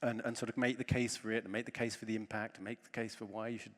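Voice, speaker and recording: A man giving a conference talk, telling a self-deprecating story with lively humor from the stage. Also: fairly low pitch, quick pace. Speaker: conference speaker. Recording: long reverb of a large hall.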